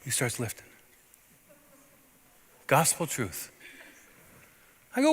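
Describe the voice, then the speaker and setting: A man preaching a sermon as a pastor, telling a story in a conversational way with sudden swings between loud and soft. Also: medium pitch, huge pitch swings, takes it slowly, long pauses, slightly rough. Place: church sanctuary. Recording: long reverb of a church sanctuary.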